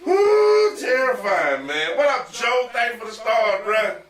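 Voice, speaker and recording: A man telling a rowdy story in casual chat, animated, laughing and swearing as he goes. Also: high-pitched, moderate pace. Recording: roomy echo from far off with faint ambience.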